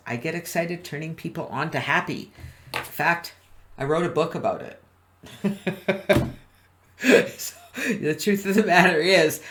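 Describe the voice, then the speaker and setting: Man, motivational webinar talk, upbeat, questions the audience, average pitch. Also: fairly bright tone. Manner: chuckles between points. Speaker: webinar presenter.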